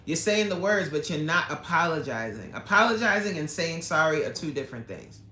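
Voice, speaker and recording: A woman's voice: low-pitched, big pitch swings, fairly quick, pushed and bright. Emphatic woman coach on a livestream. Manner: emphatic and candid, with frequent laughs. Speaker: fitness coach hosting a livestream. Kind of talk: casual live chat, answering viewer comments. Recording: echoey room with faint ambience.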